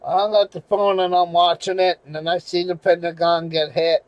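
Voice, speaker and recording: A man's voice: sits high, flat delivery, normal speed, no echo, highs cut off. A man from New England telling a personal story in a rambling way, with restarts and swearing. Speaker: channel host. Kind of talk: casual storytelling monologue.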